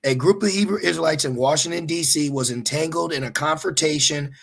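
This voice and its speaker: A man teaching his listeners informally while searching online, animated and exhorting, repeatedly checking with "okay?". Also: a little high, a little fast, creaky, slightly rough. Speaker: religious teacher.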